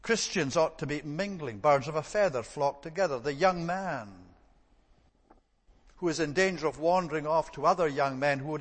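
Emphatic preacher in an echoing hall. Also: male voice. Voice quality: emphatic, rising to stress points then dropping low. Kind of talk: sermon. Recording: long hall reverb.

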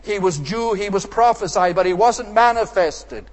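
A man delivers an expository sermon and stresses his points with repeated, emphatic phrases. His voice sits a little high for a man. It rings out with a long reverb, as in a church sanctuary. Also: moderate pace. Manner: emphatic, repetitive rhetorical phrasing. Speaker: preacher.

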